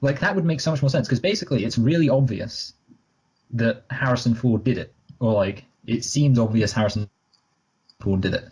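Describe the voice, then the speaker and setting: A man's voice: medium pitch, moderate pace, darkish tone, husky, rough recording. A man co-hosting a casual movie review chat, rambling and correcting himself, with joking asides. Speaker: podcast co-host.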